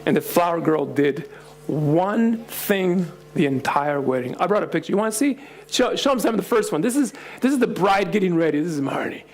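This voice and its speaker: Middle-aged male pastor, animated storyteller with a fairly high voice who laughs as he acts out voices. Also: fairly quick. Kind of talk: storytelling sermon to young adults.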